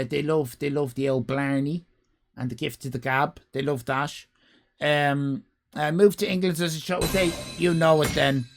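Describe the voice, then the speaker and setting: An Irish man live-streaming, reading out chat and ranting comically, swearing freely. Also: creaky. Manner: animated comic ranting, swears freely, big pitch jumps.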